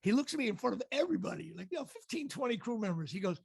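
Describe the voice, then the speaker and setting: Raspy, high-pitched animated male storyteller. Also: racing, few pauses, no echo, studio quality. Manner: animated storyteller acting out quotes. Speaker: actor and comedian guest. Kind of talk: storytelling in a casual interview.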